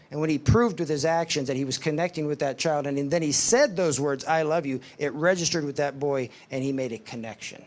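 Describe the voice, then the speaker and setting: Male devotional speaker, slightly high voice, storytelling who voices the people in his stories. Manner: storytelling, acts out quoted voices, slows for emphasis. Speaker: speaker at a ministry summit.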